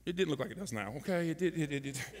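A middle-aged man preaching a sermon, telling a story and acting out the shouted quotes. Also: a little high, quick pace, big-room sound. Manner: animated, acts out shouted quotes. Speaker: pastor. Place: large church hall.

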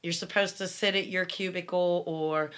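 A woman's voice: on the low side, steady tone, moderate pace, a bit bright. A middle-aged woman co-hosting a podcast, speaking bluntly and candidly with a wry edge in casual conversation. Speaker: podcast co-host.

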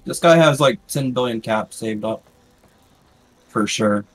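A man's voice: medium pitch, measured pace, rough recording. A man playing along on a live-stream, making laid-back, offhand comments in casual gaming chat. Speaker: co-player on stream.

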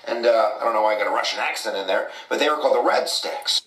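A man's voice: mid-range voice, a little fast, creaky, hardly any pauses, fairly bright tone, recorded from a distance. A man explaining history casually, with many fillers like "kind of" and "you know". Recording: echoey clip from off-mic.

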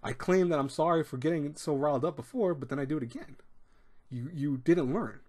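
A man's voice: on the high side, fairly quick, a little mellow. Rambling man giving casual advice. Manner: rambling, emphatic, with many restarts and acted-out quotes. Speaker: advice video host.

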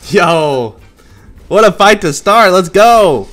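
A man giving excitable, profane gameplay commentary, trash-talking and yelling at the screen. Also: on the high side, unhurried, faint music behind. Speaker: gaming channel host.

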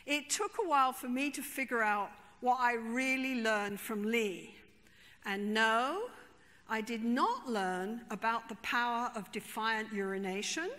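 A woman therapist tells an expressive story to a conference audience in a high, bright voice. She speaks slowly and with emphasis. A long reverb from the large hall trails behind her. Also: slight background noise.

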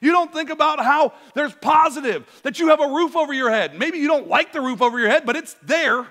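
Pastor, male, sermon delivery; high, bright and forceful, animated with loud emphatic bursts, church hall reverb. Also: a little fast. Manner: animated, swings between soft asides and loud emphatic bursts. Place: church sanctuary.

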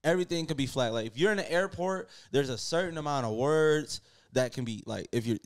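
Young man co-hosting, joking and skeptical. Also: a little high. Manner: laid-back, joking, quick to push back. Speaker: podcast co-host. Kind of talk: casual chat.

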